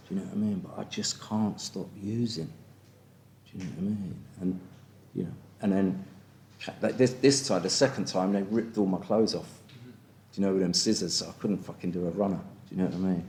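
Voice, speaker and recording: An Englishman in his fifties speaks frankly at a recovery meeting, sharing personal experience and bluntly asking "do you know what I mean" over and over. His voice is lowish and a little mellow, with slight hiss or hum.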